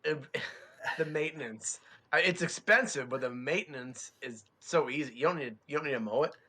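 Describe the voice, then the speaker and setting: A man's voice: fairly high pitch, normal speed, pushed and bright. A young man in a casual chat, teasing and opinionated. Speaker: guest.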